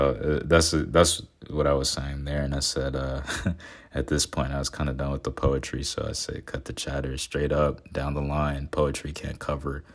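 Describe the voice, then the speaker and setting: Very deep-voiced young man, flat and earnest. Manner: rambling, with frequent fillers and restarts; earnest and sentimental. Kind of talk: casual reflective talk.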